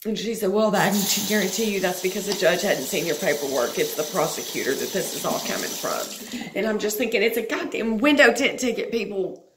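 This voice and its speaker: A woman's voice: mid-range voice, sing-song, fairly quick, echoey room, background noise. A woman, venting in a rambling, frustrated personal vlog and swearing now and then. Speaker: vlogger.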